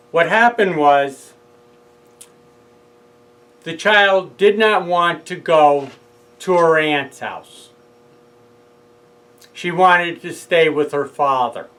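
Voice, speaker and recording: A man's voice: fairly high pitch, a bit bright, low-quality recording. A middle-aged man with a New York accent, telling his story in a casual monologue and acting out both sides of a heated phone argument. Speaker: speaker recounting a legal case.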